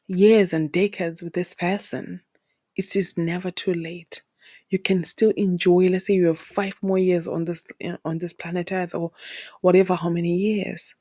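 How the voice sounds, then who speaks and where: A woman's voice: fairly low pitch, darkish tone, no echo, studio quality. A woman from Zimbabwe hosting a solo podcast, talking earnestly and repeating words for emphasis. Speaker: podcast host. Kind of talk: heartfelt solo podcast talk.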